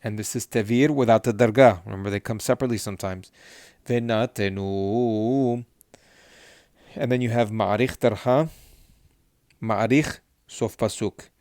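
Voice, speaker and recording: A man teaching a lesson, patiently encouraging his students as he alternates slow chanted readings with quick explanations. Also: lowish voice, darkish tone, no echo, studio quality. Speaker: Hebrew cantillation teacher.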